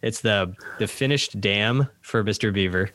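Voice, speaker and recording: A man with a lowish voice co-hosts a casual podcast and quizzes his partner on trivia. He talks in an easygoing way, stumbles over fillers and laughs easily. The sound is close and dry. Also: unhurried, a bit bright, dry recording. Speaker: podcast co-host, quizmaster. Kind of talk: casual chat, trivia quiz.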